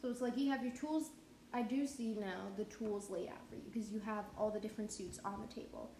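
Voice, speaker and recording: A woman's voice: mid-range voice, steady tone, a little fast, warm tone. Chatty woman podcaster in an echoey room. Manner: chatty, goofy, breaks into off-key singing and tangents. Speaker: podcast host. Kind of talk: casual podcast reading and chat. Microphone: home podcast mic. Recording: echoey room with faint background noise.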